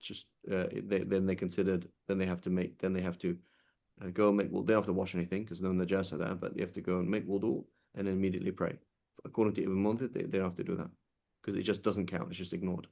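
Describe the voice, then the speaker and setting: A man with a low, creaky, dark-toned voice and little pitch movement teaches a classical legal text conversationally. He reads passages aloud quickly, then explains them with many restarts.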